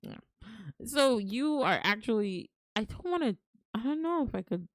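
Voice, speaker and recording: A woman's voice: fairly high pitch, animated, normal speed, dry recording, clean studio sound. A woman streamer chatting casually with her viewers, affectionate and talkative, calling them darling. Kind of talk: casual live-stream chat.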